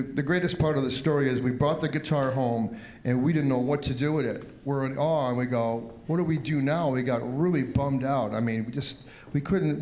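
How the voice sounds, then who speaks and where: An older man from the Cleveland area recalls his early days as a musician. He talks in a relaxed interview style and acts out what people said as he goes. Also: mid-range voice. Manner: animated storyteller, acts out quotes. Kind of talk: storytelling interview.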